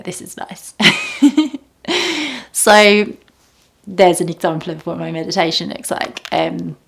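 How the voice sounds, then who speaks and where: A young woman talking casually and reflectively about meditation, often dropping to soft near-whispers. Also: on the low side, creaky. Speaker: meditation teacher.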